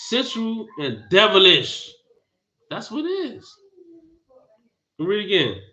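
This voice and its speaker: Male preacher, emphatic, scolding, high-ish forceful voice, dull lo-fi recording. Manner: emphatic, repeats phrases, scolding. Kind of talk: bible teaching sermon.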